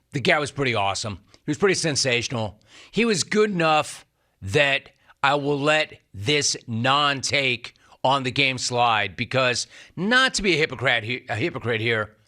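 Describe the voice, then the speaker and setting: Middle-aged guy doing a sports radio rant, bright punchy voice, sarcastic, repeats himself for effect. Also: mid-range voice. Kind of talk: sports talk monologue.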